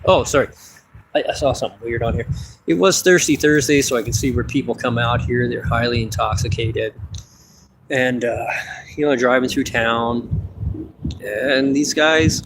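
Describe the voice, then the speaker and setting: A man's voice: medium pitch, steady tone, moderate pace, background noise. A man hosting a casual late-night livestream from a parked car, rambling offhandedly with some cursing, recorded on a phone. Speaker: livestream host.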